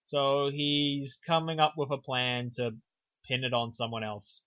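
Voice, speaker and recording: On a podcast with dull lo-fi sound, a male co-host recaps a film a little slowly. His mid-range voice is fairly bright with little pitch movement, and his casual review is sarcastic, offhand and profane.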